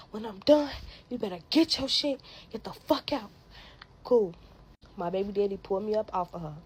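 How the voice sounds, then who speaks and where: A young woman casually telling a dramatic personal story to her viewers, profane and animated, acting out her own shouting. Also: fairly low pitch, slight background noise, poor audio.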